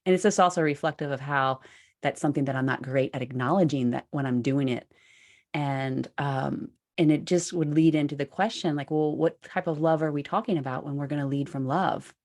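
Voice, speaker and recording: Low-voiced chatty woman host. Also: a little fast. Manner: animated, laughs easily, self-deprecating. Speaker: podcast host. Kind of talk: casual conversation.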